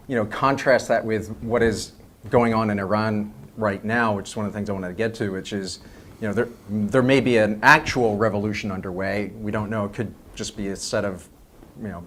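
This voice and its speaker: A man speaking on a tech panel in a measured way, with frequent fillers. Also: on the low side, slight background noise. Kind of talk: casual tech panel chat.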